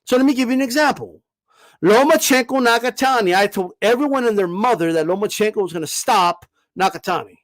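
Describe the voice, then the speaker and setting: A man's voice: sits high, animated, fairly quick, no echo. A man hosting a boxing channel, talking in a casual, emphatic monologue. He swears freely, keeps tagging lines with "okay?", and stammers and restarts when he gets heated.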